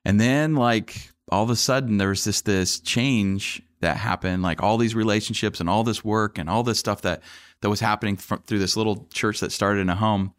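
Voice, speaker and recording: Pastor, man, low-pitched, earnest conversational storyteller, dry close mic. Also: moderate pace, no room sound. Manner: earnest, animated storyteller with frequent restarts and fillers.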